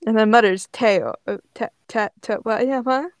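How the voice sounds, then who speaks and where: A woman's voice: a little high, moderate pace, no room sound. A young woman co-hosting a podcast. She reads the story aloud, teases her co-host and laughs often. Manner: teasing, incredulous, laughs often.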